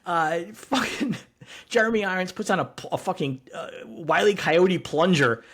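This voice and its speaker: A man co-hosting a podcast, retelling a TV episode in a rambling, animated way with laughs and swearing. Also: high voice, moderate pace, slightly rough. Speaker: podcast co-host. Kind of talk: casual recap chat.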